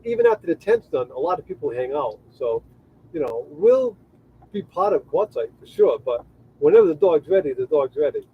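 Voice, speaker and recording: Fairly high-pitched, husky and expressive, this man speaks at normal speed while co-hosting a casual travel livestream. He rambles and restarts his sentences as he thanks viewers, and the recording has a tinny, phone-like sound.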